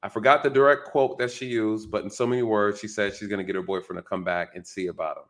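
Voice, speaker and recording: A man's voice: fairly low pitch, fairly even intonation, fast talker, a bit bright. A man commenting on a news clip for his viewers, talking casually and emphatically, often asking rhetorical questions and checking in with "right?".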